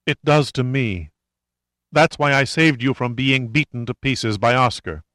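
A man's voice: medium pitch, unhurried, a bit bright, dry recording, natural voice. Brief: remorseful woman in a storybook, trembling and pleading, voiced by a male narrator, dry close sound. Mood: shaken. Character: shaken remorseful woman conspirator. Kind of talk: audiobook character reading.

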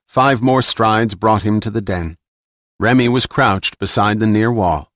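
A man reading an action novel aloud in steady, measured scripted narration. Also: on the low side, no echo, studio quality. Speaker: audiobook narrator.

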